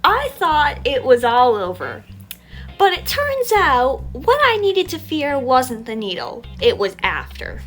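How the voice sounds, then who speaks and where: A young adult woman telling a story from her childhood in an animated, chatty, self-mocking way, while still a little sick. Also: high voice, slow, soft background music. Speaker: storytime vlogger. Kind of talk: casual storytelling.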